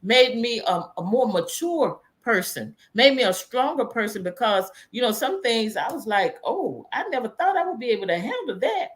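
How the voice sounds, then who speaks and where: A woman's voice: on the high side, sing-song, normal speed, hardly any pauses. A woman hosting a conversation, speaking reflectively, often restarting and repeating her words. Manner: reads out viewer comments. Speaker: host. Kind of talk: casual conversation.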